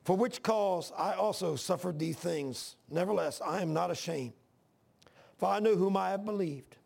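A man's voice: high voice, normal speed, vocal fry, a little mellow, slightly rough. An older man preaching a sermon, mixing scripture with folksy, plain-spoken stories. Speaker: pastor.

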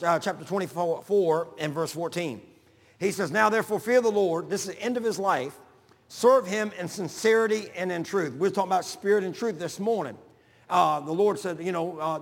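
Older preacher guy, high raspy voice, churchy reverb. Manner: folksy, builds to shouting. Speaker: pastor. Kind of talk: sermon.

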